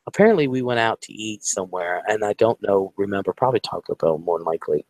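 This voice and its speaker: Fast-talking in a fairly low pitch with no room sound, an Ohio man rambles through a personal story in a casual chat. He's animated and profane, imitating the voices of the people he quotes.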